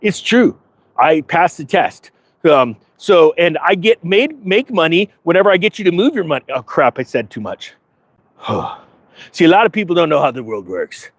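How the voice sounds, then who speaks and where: Smug, bragging money-advisor type, put on by a man, high and swooping delivery. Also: no echo. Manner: sarcastic, boastful, rambling with asides. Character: smug self-important male financial advisor persona. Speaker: finance vlogger. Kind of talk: comedic persona monologue to camera. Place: outdoors in front of a big-box store.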